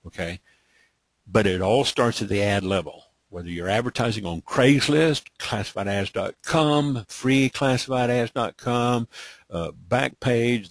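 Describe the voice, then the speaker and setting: This dry recording captures a middle-aged man from Texas hosting a live training webinar in a fairly low-pitched voice. He has a light Texas accent and speaks in a drawl, repeating himself and checking in with "okay?" again and again.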